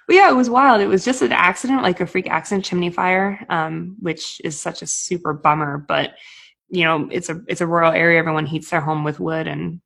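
A woman's voice: on the low side, steady tone, a little fast, creaky, a bit bright, breathy edge. A woman, chatting casually on a podcast, filling her talk with "like". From New England. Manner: chatty, full of "like" fillers. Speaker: podcast co-host.

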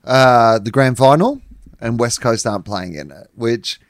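A man's voice: medium pitch, a little slow, no echo, studio quality. A young Australian man co-hosting a sports podcast, teasing and blunt, with a lot of "like". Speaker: podcast co-host. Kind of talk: casual sports chat.

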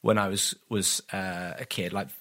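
Bright-voiced self-deprecating man chatting. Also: deep voice, flat delivery, moderate pace. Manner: self-deprecating, rambling with restarts, acts out quotes. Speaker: comedian guest. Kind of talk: casual podcast chat.

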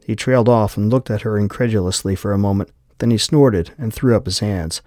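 A man narrating an audiobook in steady scripted narration. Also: fairly low pitch, moderate pace, no room sound, studio quality.

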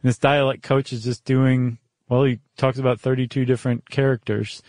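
A man's voice: medium pitch, level tone, moderate pace, darkish tone, no echo, studio quality. An American man co-hosting a podcast, chatting casually and tossing in jokey guesses. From United States. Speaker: podcast co-host. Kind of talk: casual chat.

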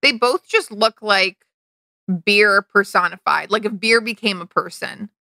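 A woman's voice: mid-range voice, unhurried, gravelly, bright, forceful tone, no echo. A young woman co-hosting a casual chat podcast, reacting with dry, sarcastic remarks. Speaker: podcast co-host.

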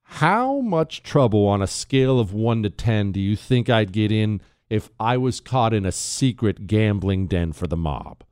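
A man hosting a talk radio show, delivering an opinionated monologue with sarcastic asides and sudden playful jumps in pitch. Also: unhurried, hardly any pauses, clean tone, no room sound, studio quality. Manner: sarcastic, animated, jumps to a high playful voice when joking.

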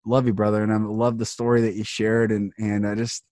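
A man's voice: on the low side, little pitch movement, brisk, darkish tone, no room sound, clean studio sound. Earnest man hosting a podcast. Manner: earnest, impassioned. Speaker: podcast host. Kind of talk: heartfelt podcast conversation.

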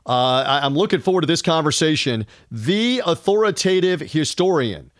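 Sports podcast host, male, higher register, upbeat rambling read, dry booth sound. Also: animated, dry recording. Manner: upbeat, rapid run-on delivery with fillers.

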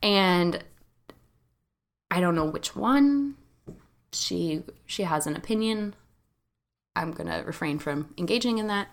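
Female podcast host, 30s, lower pitch, animated casual storyteller. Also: slow, long pauses. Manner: chatty, animated, frequent "like" fillers.

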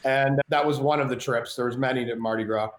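A middle-aged man telling a story as a podcast guest, animated and self-mocking, acting out the dialogue. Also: mid-range voice, a little fast. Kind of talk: storytelling in casual chat. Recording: roomy echo, faint ambience.

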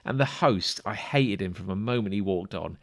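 A man, co-hosting a comedy podcast, ranting in an exasperated, animated way. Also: lowish voice, normal speed, dry recording, studio quality. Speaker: podcast co-host. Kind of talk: casual comedic chat.

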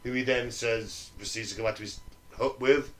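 A man, a podcast co-host, telling a dark story in a sweary, joking way to friends. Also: mid-range voice, steady tone, normal speed, recorded from a distance, poor audio. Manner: sweary, jokey, laughs mid-story.

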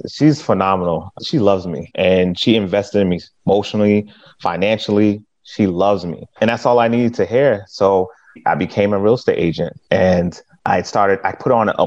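A man, a real estate agent from the Boston area, telling his story in a casual interview with emphatic, animated delivery. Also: lowish voice. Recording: dull, lo-fi sound.

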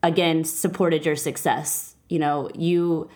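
A woman's voice: low voice, level tone, slow pace, darkish tone. A woman hosting a casual interview, talking earnestly and getting emotional at times. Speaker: podcast host.

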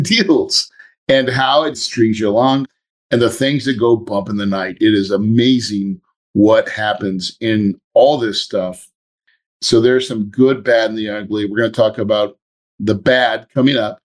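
A man hosting a podcast, telling a story in a casual, animated way and acting out his own thoughts. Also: on the low side. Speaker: podcast host.

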